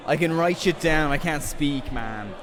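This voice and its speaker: A man's voice: fairly high pitch, animated, slow, a crowd in the background. A young Irish man co-hosting a podcast, swearing freely and teasing in banter. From Ireland. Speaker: podcast co-host. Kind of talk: casual chat.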